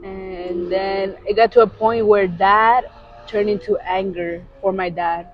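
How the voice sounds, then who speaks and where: A woman co-hosting a podcast, telling a personal story in casual confessional chat, halting with many restarts. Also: mid-range voice, fairly even intonation, muffled recording, slight background noise. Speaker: podcast co-host.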